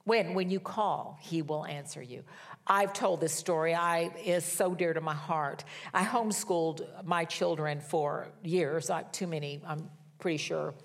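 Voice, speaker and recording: A middle-aged woman preaching a sermon, reading scripture slowly with emphasis and telling personal stories in a conversational way. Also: low-pitched.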